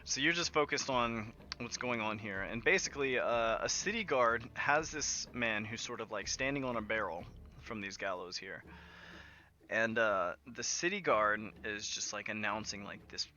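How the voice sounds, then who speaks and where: A man's voice: on the low side, lively intonation, moderate pace, sharp tone, highs cut off. A man narrating a tabletop game as game master in a casual, laughing way with many fillers, over an online voice call.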